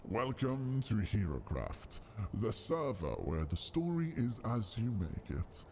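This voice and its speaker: Streamer doing a low, warm story narrator, measured and lively in pitch. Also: male voice, a little hiss or hum, full character voice. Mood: narrating. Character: deep calm male storyteller narrator.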